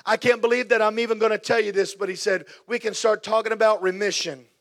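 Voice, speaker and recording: Fervent high-voiced male preacher. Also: steady tone, fast, a bit bright. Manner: fervent, repetitive preaching cadence. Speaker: pastor. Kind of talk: sermon with prayer.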